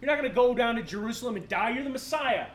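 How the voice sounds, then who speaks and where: A man's voice: extremely high pitch, animated, quick pace, roomy sound, a little hiss or hum. A man voicing an overconfident male disciple in a breezy, enthusiastic way. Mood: eager.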